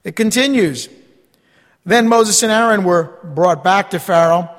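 A man's voice: high-pitched, unhurried, big-room sound. A man preaching a sermon as a pastor, talking conversationally and asking the congregation rhetorical questions.

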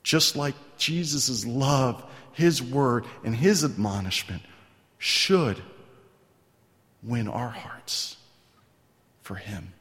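A man preaching a sermon as pastor, moving between hushed asides and loud, stretched-out emphasis. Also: medium pitch, animated, drawn-out words, long pauses. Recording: long reverb in a large hall.

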